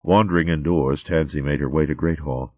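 A man narrating an audiobook in a steady, even storytelling voice. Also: very deep voice, brisk, no echo. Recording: dry, slightly muffled recording.

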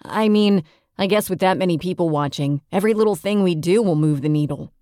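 A woman's voice: on the low side, fairly quick, dark tone, no room sound, studio quality, close to an everyday voice. A woman reading the lines of a teasing, brash young man contestant in an audiobook. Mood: amazed. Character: cheeky young male contestant, teasing then showy.

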